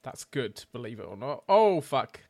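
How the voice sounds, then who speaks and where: A man playing a tabletop game, chatting loosely and swearing as he describes his moves. His pitch is in the middle range, and his talk is relaxed and jokey. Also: normal speed. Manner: loose, swearing, joking banter. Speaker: player. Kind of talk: casual tabletop game chat.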